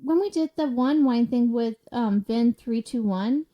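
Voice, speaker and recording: A woman's voice: a little high, measured pace, muffled recording. A woman co-hosting a podcast in casual, giggly chat that rambles a little. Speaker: podcast co-host.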